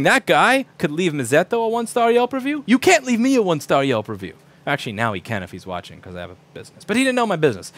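A repair shop owner in his thirties rants casually to the camera, swearing freely. His voice is a little high, and he shifts into different voices to act out the people he's quoting.

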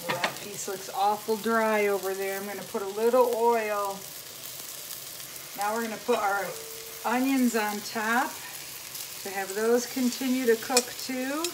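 Over the loud sizzle of a pan, a woman hosts a home cooking channel from her kitchen, chatting viewers through each step of the dish. Her voice sits in the mid-range, and she speaks at an unhurried pace with fairly even intonation.

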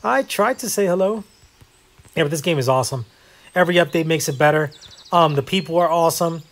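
Brisk and a bit bright, this gaming video host's voice sits a little high. He chats casually over the gameplay in a rambling way, filled with fillers and jokes at his own expense.

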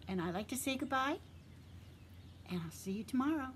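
A woman teacher gently reading a picture book aloud to young children, speaking straight to them and dropping to a soft whisper for quiet parts. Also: high-pitched, animated, a little fast, a little hiss or hum. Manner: gentle and encouraging, addresses children directly; stops to point out real sounds around her. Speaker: preschool teacher.

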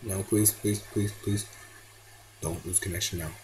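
A man's voice: deep voice, a little slow, slight background noise, poor audio. A teenage boy giving casual gameplay commentary, yelping and pleading at the game and slipping into now and then. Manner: excitable, yelps and pleads at the game. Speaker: gamer.

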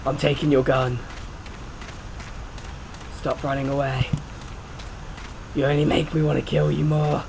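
A man's voice: mid-range voice, little pitch movement, a little slow, vocal fry, long pauses, background noise. A man giving let's play commentary, jumpy and prone to swearing, yelping and shrieking when startled. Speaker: gaming YouTuber.

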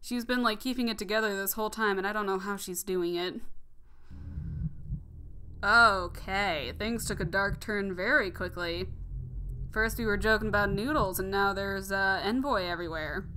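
A woman's voice: mid-range voice, slight background noise. Gushing, emotional young woman gamer. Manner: expressive, gushing reactions. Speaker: let's play host. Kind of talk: emotional gameplay commentary. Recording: music playing underneath.

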